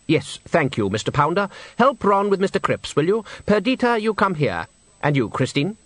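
A man voicing a weary male music director who speaks crisply and sardonically. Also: sits high, big pitch swings, moderate pace, a bit bright, no room sound, voice pushed up, heavily acted. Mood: sardonic.

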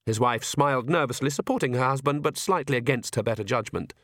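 This audiobook is narrated by a man whose mid-range voice is measured and expressive, captured in studio quality with no echo at all.

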